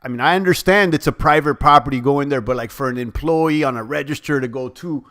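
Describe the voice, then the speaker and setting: A young man hosts a livestream in a casual, rambling style, talking directly to his viewers. His voice sits a little high for a man and has a bright, forceful edge. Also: a little fast. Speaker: crypto livestream host.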